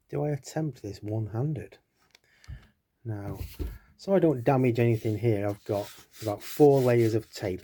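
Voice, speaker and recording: Low husky man in his workshop. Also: warm tone. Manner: chatty, self-deprecating, thinking aloud while working. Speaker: guitar-building vlogger. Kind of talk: casual workshop narration.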